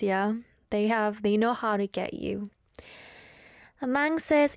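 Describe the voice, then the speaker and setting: A young woman hosting a radio show, chatting casually and telling stories in a bubbly, animated way. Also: a little high, no echo, studio quality. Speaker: radio host reading listener messages. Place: radio studio.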